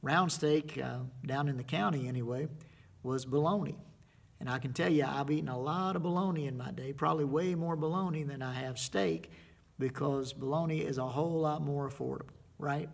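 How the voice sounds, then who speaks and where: Folksy preacher man with a gravelly voice. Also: a little high. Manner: folksy storytelling with slow, emphatic pauses. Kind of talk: sermon.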